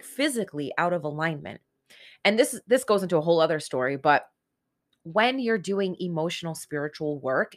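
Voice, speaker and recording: A woman in her forties with a fairly low voice gives an earnest self-help motivational talk, speaking conversationally and directly to her listeners.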